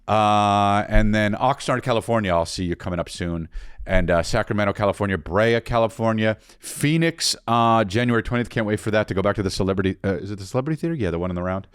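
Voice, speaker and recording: Comedian dude rambling on a podcast, kinda breathless, dry sound. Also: male voice, on the low side, fast talker, clear, resonant tone, no room sound. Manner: rambling with many fillers. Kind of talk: casual podcast chat.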